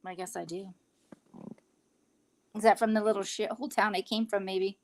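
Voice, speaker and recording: A woman from California with a slight Southern-sounding lilt, chatting casually, blunt and quick to swear. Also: medium pitch, steady tone. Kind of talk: casual chat.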